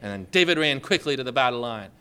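A man's voice: medium pitch, expressive, fast talker, bright, forceful tone, clear, resonant tone. A man preaching a sermon in an emphatic, dramatic way, building his points with rising emphasis.

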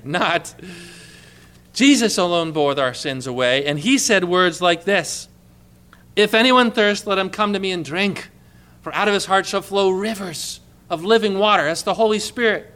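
A man's voice: high voice, bright, forceful tone. A male pastor preaching a sermon, quoting scripture with mounting, emphatic fervor.

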